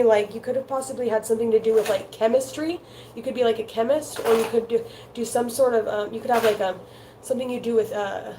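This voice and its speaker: A woman's voice: a little high, background noise. A woman doing a casual tarot reading, rambling and chatty, with lots of filler words. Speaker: tarot card reader.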